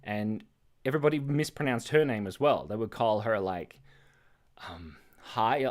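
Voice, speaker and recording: With a low voice at normal speed, an Australian livestreamer draws and reads his chat aloud. His talk is scattered and rambling, broken up by frequent laughter and reactions to viewers' messages.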